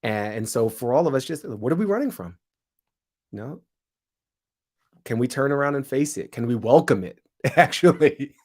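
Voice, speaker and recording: Male guest, middle pitch, reflective, quick asides, laughs often. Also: lively intonation, a little mellow. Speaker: guest, comedian and show host. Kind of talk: reflective interview talk.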